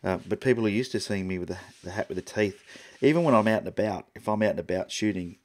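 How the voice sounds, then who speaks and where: On a casual photography livestream, a middle-aged Australian host talks quickly in a voice on the low side. He wanders from point to point, with lots of fillers and restarts.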